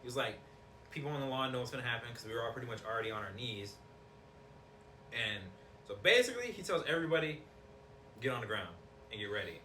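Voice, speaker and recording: A man's voice: mid-range voice, sing-song, fast talker, long pauses, pushed and bright. A young man co-hosting a casual podcast, telling a story in a laid-back way with lots of fillers. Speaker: podcast co-host. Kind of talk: casual chat. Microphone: backup recorder, not the new mics. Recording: roomy, distant, faint noise.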